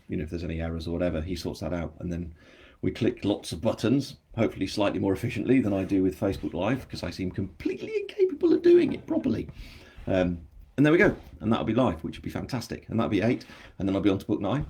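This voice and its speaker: Low, husky English man chatting. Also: a little mellow. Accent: general English. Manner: chatty, rambling, self-deprecating, answering viewer comments. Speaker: author hosting his book launch. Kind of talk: casual live-stream chat.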